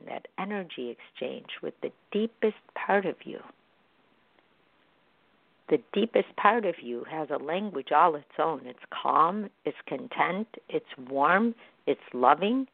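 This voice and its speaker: Low-voiced woman giving gentle spiritual encouragement. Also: gravelly, no echo. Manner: gentle, encouraging, repetitive phrasing. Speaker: morning show host. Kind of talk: spiritual self-help talk. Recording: phone-like narrow sound.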